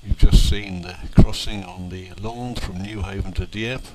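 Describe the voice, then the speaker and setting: A man's voice: low voice, fairly even intonation. Man in his sixties reminiscing over hiss. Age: 60s. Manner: unhurried, with fillers and small restarts. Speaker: narrator of home movies.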